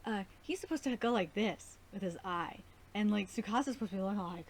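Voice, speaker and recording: A woman's voice: medium pitch, brisk, a little mellow, rough recording. A woman hosting a live anime reaction, talking in an exasperated, nitpicky way and swearing often. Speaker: host.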